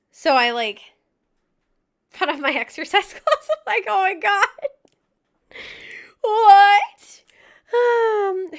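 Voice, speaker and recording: A woman's voice: a little high, bright, forceful tone, smooth. A young woman chatting casually with her livestream viewers, out of breath, laughing often and joking at her own expense. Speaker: music streamer.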